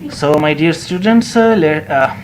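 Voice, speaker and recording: Slow Pakistani English teacher modeling words. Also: male voice, a little high, a little hiss or hum. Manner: slow, deliberate, repeats and models words with exaggerated stress. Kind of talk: online spoken English lesson.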